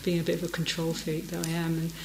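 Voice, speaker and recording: A woman's voice: low voice, completely flat delivery, fast, a little mellow, a little hiss or hum. A middle-aged woman, giving a dharma talk as a meditation teacher, telling stories and laughing often. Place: meditation hall. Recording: echoey meditation hall.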